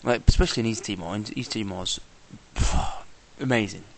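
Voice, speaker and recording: A man's voice: fairly low pitch, moderate pace, vocal fry. A man talking casually in a travel vlog, exasperated and swearing, often imitating the people he met. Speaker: traveller vlogger.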